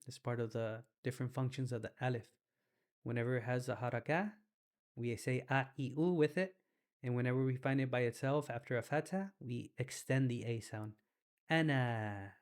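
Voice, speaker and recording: A young adult man giving a casual Arabic lesson, relaxed and slangy, stretching out sounds slowly to demonstrate pronunciation. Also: medium pitch. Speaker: Arabic teacher.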